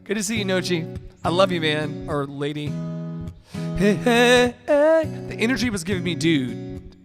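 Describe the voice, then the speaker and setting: High-voiced man rambling on a livestream. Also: a little fast, over music. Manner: rambling, loose and candid, swears freely. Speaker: livestream host. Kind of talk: casual late-night livestream chat.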